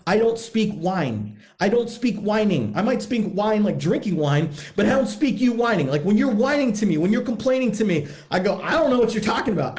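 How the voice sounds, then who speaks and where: A man's voice: high voice, a little mellow. A man coaching husbands in a blunt, profane, emphatic monologue, hammering points home by repeating them. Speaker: podcast host, men's coach.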